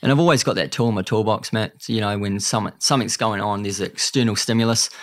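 A man's voice: on the low side, quick pace, no echo. A man with a New Zealand accent, telling his story earnestly and chattily as a podcast guest, often calling the host mate. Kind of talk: candid storytelling interview.

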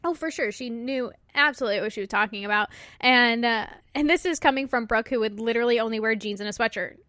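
A woman's voice: a little high, sharp tone, no room sound, studio quality. A young woman co-hosting a podcast, chatting casually, laughing easily and getting emotional. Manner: giggly, emotional, quick to laugh. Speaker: podcast co-host. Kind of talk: casual chat.

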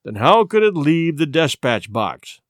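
A man reading the part of an excitable, insistent government secretary, his voice lifting high and loud. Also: a little slow, dry recording, studio quality. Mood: agitated.

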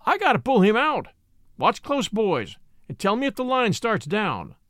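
A man voicing a gruff, bold Western ranger who barks orders with raised, emphatic delivery in an audiobook reading. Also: high voice, wildly swooping pitch, a little slow, a bit bright, dry recording, studio quality, pitched above the performer's own voice, exaggerated voice. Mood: commanding.

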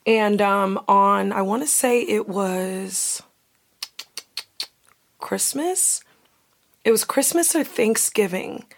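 A woman's voice: mid-range voice, slow pace, creaky, pauses often. A young woman hosting a casual talk show, telling a personal story candidly and acting out the voices of people in it. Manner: candid, animated, acts out quoted voices.

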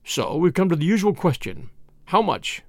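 A man's voice: on the high side, big pitch swings, normal speed, creaky, no echo, clean studio sound, full character voice. A man voicing a blustering, suspicious middle-aged man who snarls and barks his lines in a storybook reading. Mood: gruff. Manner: snarling, barking.

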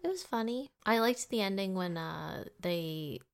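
A woman talks casually about films with her co-host, laughing often and filling her sentences with "like". Her voice sits at an everyday middle pitch. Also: expressive, unhurried, creaky, clear, resonant tone. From Boston area. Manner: laughs often, says "like" a lot. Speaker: podcast co-host. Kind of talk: casual movie chat.

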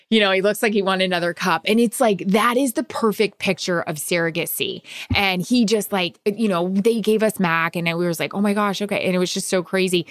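A woman on a podcast telling a heartfelt story in casual chat, emotional and animated. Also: lowish voice, dry recording, studio quality. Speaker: guest.

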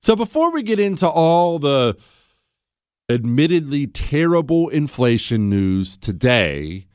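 A man hosting a talk radio show, delivering a sarcastic, animated monologue into a studio mic. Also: fairly high pitch, unhurried, clear, resonant tone, dry recording.

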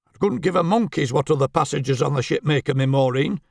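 Male reader as a bald, stingy husband: gravelly, grumbling, sarcastic. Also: on the high side, quick pace, a little mellow, dry recording, studio quality.

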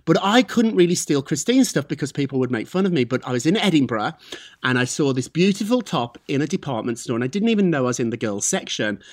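A man hosting a celebrity gossip show, chatting in a lively, animated way. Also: on the high side, fast. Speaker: host.

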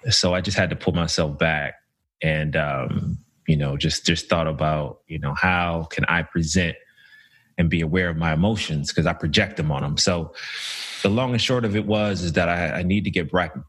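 A man with a very low voice tells a long personal story in a relaxed podcast chat. He speaks slowly and thoughtfully, pausing on fillers as he goes. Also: slightly rough. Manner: relaxed storytelling, slow and reflective with many fillers. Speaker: podcast co-host. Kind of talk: casual chat.

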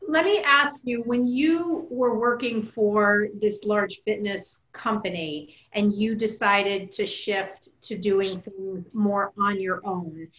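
A woman's voice: medium pitch, slow, few pauses, fairly bright tone, roomy sound, lo-fi sound. A woman hosting a podcast, asking a guest long, encouraging questions. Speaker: podcast host. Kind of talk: interviewing a guest.

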